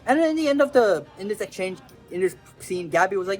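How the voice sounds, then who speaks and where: A woman talking casually and excitably in a commentary vlog, with slang and swearing, acting out quotes. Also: medium pitch, fast talker, hardly any pauses, soft background music. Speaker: anime video creator.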